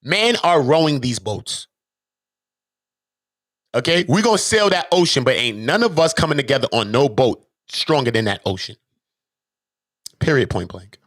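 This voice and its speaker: A man hosting his own channel, talking off the cuff to viewers in an emphatic, preachy way full of rhetorical questions, swinging from loud bursts to low mutters. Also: big pitch swings, moderate pace, pauses often, dry recording, studio quality. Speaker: channel host. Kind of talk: unscripted monologue to viewers.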